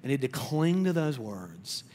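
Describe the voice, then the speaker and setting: A male pastor preaching a sermon in a conversational way. He often repeats words as he starts sentences, and he drops to a quiet, soft voice on tender points. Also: medium pitch, sing-song, normal speed, slight background noise.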